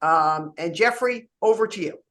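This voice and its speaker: A woman's voice: lowish voice, normal speed, fairly bright tone. A woman moderating a webinar panel who introduces speakers hesitantly, with many fillers between phrases.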